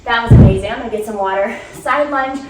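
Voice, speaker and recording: Woman instructor leading a home workout, high voice, winded, chatty and upbeat; roomy, off-mic home recording. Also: fast talker, recorded from a distance, heavy background noise. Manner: upbeat, chatty, laughs between cues. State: out of breath. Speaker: fitness instructor. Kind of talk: cueing a home cardio workout. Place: room at home.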